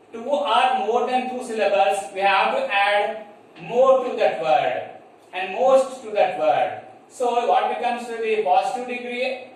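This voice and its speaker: A man with an Indian English accent teaching a grammar lesson to children, slowly spelling out words and checking whether they understand. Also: high voice. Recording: echoey room from far off, faint noise.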